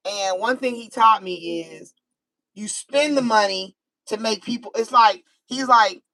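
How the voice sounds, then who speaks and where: An American woman doing a casual live-stream tarot reading, animated and chatty, laughing easily. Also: on the high side, unhurried, no echo, low-quality recording. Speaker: tarot reader.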